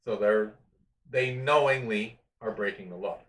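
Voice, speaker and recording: A man's voice: lowish voice, a little slow, fairly bright tone. A man co-hosting a live-streamed podcast, rambling and mocking himself as he chats. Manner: rambling, joking, self-mocking. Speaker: podcast co-host. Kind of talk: casual chat. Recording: echoey room, mic far off.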